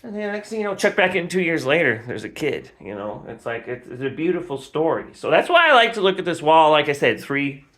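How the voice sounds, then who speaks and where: Rambling deadpan man with a higher voice. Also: brisk, few pauses. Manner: rambling, deadpan, full of fillers. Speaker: comic host. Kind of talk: deadpan comedy monologue.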